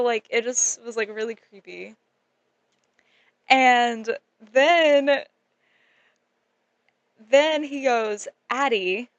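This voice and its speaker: A young woman vlogger telling a story in a casual, animated way, giggling often and saying "like" a lot. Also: a little high, no room sound. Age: young adult.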